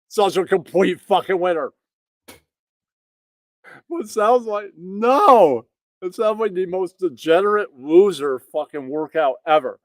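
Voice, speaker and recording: A man's voice: high-pitched, dry recording, studio quality. A man hosting a stream, ranting in crude, mocking comedy about a clip. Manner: mocking, profane, animated. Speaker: stream host reacting to clips.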